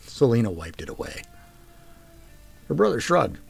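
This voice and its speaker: A man reading a fantasy story aloud in an expressive narrating voice. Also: on the low side, normal speed, creaky, slightly rough, faint music behind. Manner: expressive, varied delivery.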